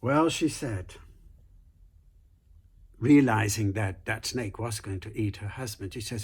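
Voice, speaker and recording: A man telling a folk tale aloud, relaxed, with fillers and restarts, acting out the quotes. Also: lowish voice, slow, long pauses, slightly rough. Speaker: storyteller.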